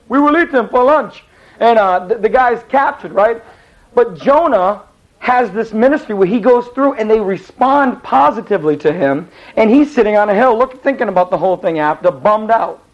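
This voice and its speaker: Rambling, high-voiced male Bible teacher. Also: dull audio. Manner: lively, rambling, many restarts. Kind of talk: animated Bible storytelling lesson.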